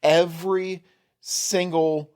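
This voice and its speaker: Casting note: male co-host, slightly higher voice, dry jokes and casual swearing. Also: level tone, takes it slowly, a little mellow, clean tone. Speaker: podcast co-host. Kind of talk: casual chat.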